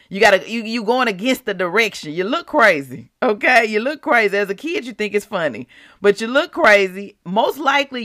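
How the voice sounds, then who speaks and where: Woman, devotional podcast host; bright, forward tone, dry room, conversational. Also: mid-range voice, no echo. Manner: chatty, asks the listeners rhetorical questions. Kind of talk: casual devotional talk.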